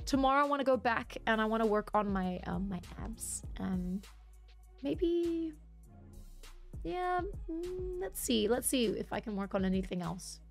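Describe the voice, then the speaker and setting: A woman livestreamer chatting casually with her viewers, laughing often and reading chat aloud. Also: fairly high pitch.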